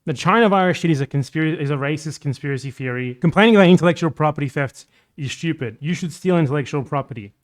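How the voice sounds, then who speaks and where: A man's voice: fairly high pitch, quick pace. A man hosting a livestream, reacting to a clip with blunt, sarcastic, profane commentary. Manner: blunt, sarcastic, swears freely.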